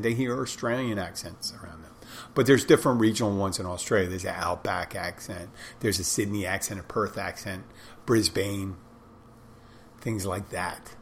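A man's voice: lowish voice, fairly bright tone, a little hiss or hum. A man talking casually on his own, rambling with restarts and asides, blunt and sometimes swearing. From United States. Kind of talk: casual monologue.

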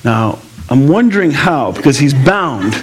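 A man's voice: medium pitch, sing-song, measured pace, very noisy. A male pastor preaching a sermon in a conversational way, with asides and laughter.

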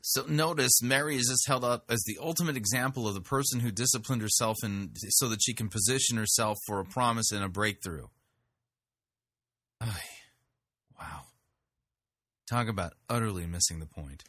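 A man's voice: fairly low pitch, normal speed, fairly bright tone, slightly rough, no echo, clean studio sound. A man commenting on sermon clips, blunt and sarcastic in his interjections. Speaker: sermon reviewer. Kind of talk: critical commentary over clips.

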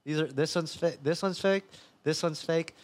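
A man with a somewhat high voice talks on a casual podcast. He tells his story in a loose, rambling way, breaking off mid-sentence and starting over. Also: moderate pace. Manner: rambling, self-interrupting storyteller. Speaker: podcast host.

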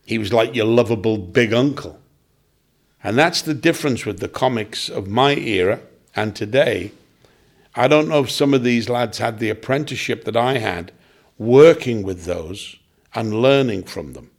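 An older man, a veteran comedian, recalling past colleagues in a relaxed chat and dropping into quick impressions. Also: mid-range voice, gravelly. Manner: anecdotal, slips into quick comic impressions. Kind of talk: reminiscing casual chat.

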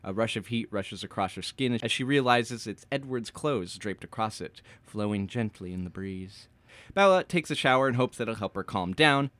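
A man co-hosting a podcast, reading through a novel's plot in his own words. His voice sits low and the sound is dry and close. He keeps breaking off to crack sarcastic jokes. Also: lively intonation, moderate pace, fairly bright tone, dry recording. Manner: jokey, sarcastic asides while recapping. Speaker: podcast co-host. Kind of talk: casual chat and book recap.

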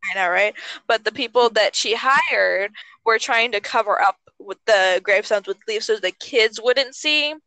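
Bright-voiced young woman, casual swearing chat. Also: moderate pace, low-quality recording. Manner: animated, swears freely, acts out lines in high squeaky voices.

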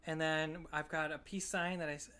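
A woman's voice: low voice, level tone, normal speed, a bit bright, clean tone. A young woman co-hosting a podcast, chatting and telling stories in a chipper way. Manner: giggly, storytelling, chipper. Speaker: podcast co-host. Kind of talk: casual chat.

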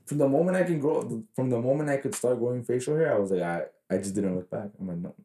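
A podcast co-host of Mexican heritage tells rambling, profane stories in casual chat, packed with fillers. He talks fast in a warm, mid-range voice, and the room is echoey.

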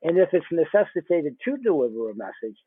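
A man's voice: fairly high pitch, very animated, a little fast, slightly rough, dry recording. Talkative man on a tinny phone line. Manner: talkative, repeats words, laughs often. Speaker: podcast host. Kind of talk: casual conversation.

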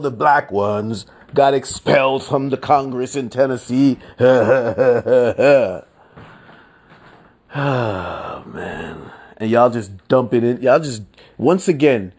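A man hosting his own solo podcast, talking in a loose, slangy, unhurried drawl. He sounds fed up with his listeners and breaks into mocking outbursts now and then. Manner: slangy, exasperated, slow and drawn out with sudden high-pitched mock outbursts. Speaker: podcast host. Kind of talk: casual solo podcast commentary.

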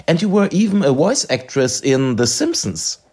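A man interviewing a guest, reading his prepared questions in a measured, deliberate way. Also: on the high side, very animated, a little mellow, husky.

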